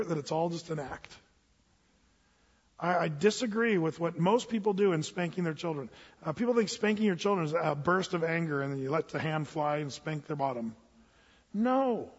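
A man's voice: high voice, slightly rough. A man preaching a conversational sermon, folksy and humorous, with frequent stumbles and restarts. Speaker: pastor. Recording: dull, reverberant hall sound.

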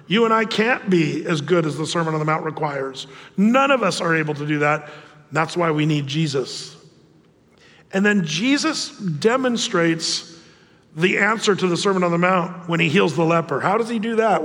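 A man preaching a sermon as pastor, conversational and animated, often restarting his phrases. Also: high voice, normal speed, big-room sound.

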